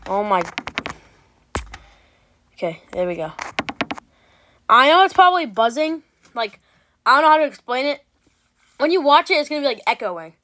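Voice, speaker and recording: Woman host, high voice, casual rambling reaction commentary with frequent restarts and swearing. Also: big pitch swings, normal speed, long pauses, pushed and bright.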